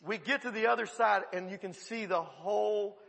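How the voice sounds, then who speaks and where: A man preaching a sermon, telling a funny story in an animated way and often laughing mid-sentence. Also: high-pitched, moderate pace, vocal fry, long reverb tail. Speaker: pastor.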